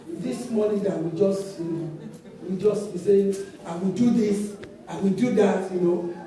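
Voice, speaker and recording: A woman's voice: mid-range voice, measured pace, warm tone. A woman pastor with a Nigerian accent preaching a sermon in a church, telling stories with laughter and emphatic exclamations. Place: church auditorium. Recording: echoey church hall, distant mic.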